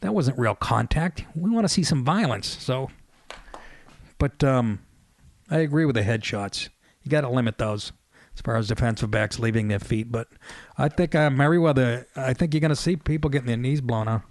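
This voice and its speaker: Fifty-something New radio host, profane storyteller, dry close mic. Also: male voice, mid-range voice, normal speed, no echo. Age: 50s. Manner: profane, storytelling, laughs mid-sentence. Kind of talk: casual monologue.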